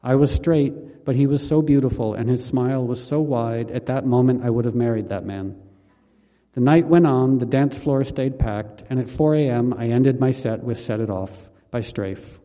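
A man reading his own memoir aloud in a calm, measured, wry manner. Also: medium pitch, in a large hall. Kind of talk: memoir audiobook narration.

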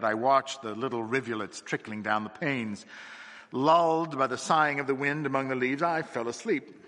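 A man narrating a horror story in a tense, dramatic way that swings between hushed and urgent. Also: mid-range voice. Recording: long hall reverb.

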